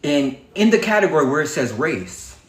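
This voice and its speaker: Brief: man with a high, fiery voice, preachy livestream monologue, heavy swearing, echoey room. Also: very animated, normal speed. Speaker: livestream host.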